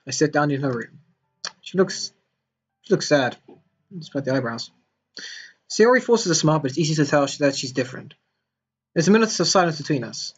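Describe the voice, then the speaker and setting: A man's voice: on the high side, expressive, fairly quick, pauses often, husky, lo-fi sound, faint music behind. A man hosting a let's play, reading a visual novel aloud with jokey, emotional asides.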